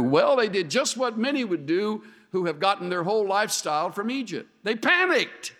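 Animated preacher in a reverberant hall. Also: male voice, sits high, normal speed, few pauses. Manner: animated, acts out the quoted voices with sarcasm. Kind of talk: sermon.

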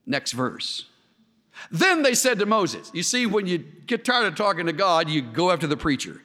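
A man preaching a sermon in an animated way, acting out the voices he quotes with sarcasm. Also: sits high, moderate pace, long reverb tail.

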